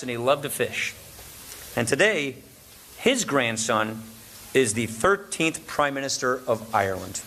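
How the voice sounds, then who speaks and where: A man's voice: medium pitch, fairly bright tone, a little hiss or hum. A man from Wisconsin giving a formal lunch speech, cracking jokes and chuckling at his own punchlines. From Wisconsin, USA. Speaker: speaker at a political luncheon.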